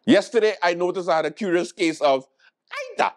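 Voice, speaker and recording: A man's voice: sits high, fairly quick. A man hosting a late-night show, riffing through a comic monologue in an exasperated, mock-incredulous way and stumbling over repeated words for laughs.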